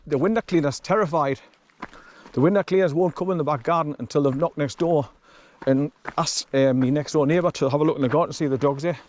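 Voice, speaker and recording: A man's voice: fairly high pitch, a little mellow, slight background noise. Chatty older man walking outdoors. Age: 60s. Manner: rambling and chatty, swears casually. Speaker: vlogger. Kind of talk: casual walking vlog. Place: outdoors in quiet countryside.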